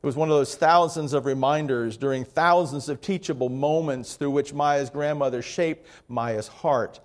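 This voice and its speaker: A man, a pastor, preaching a sermon in a church sanctuary with slow, emphatic phrasing that softens at the ends of lines. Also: mid-range voice. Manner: slow, emphatic delivery with soft trailing phrases.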